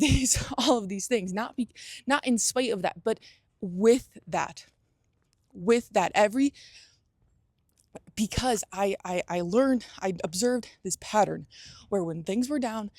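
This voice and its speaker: A woman's voice: medium pitch, no room sound, studio quality. A young adult woman hosting a motivational talk, speaking earnestly with frequent restarts and acted-out inner thoughts. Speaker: host.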